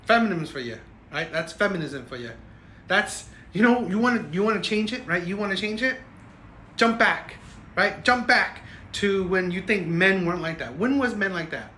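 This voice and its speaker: Ranting man with a slightly high voice. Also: lively intonation, moderate pace, sharp tone, slight background noise. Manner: ranting, keeps asking "right?". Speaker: commentary host. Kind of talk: reaction commentary. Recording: echoey room.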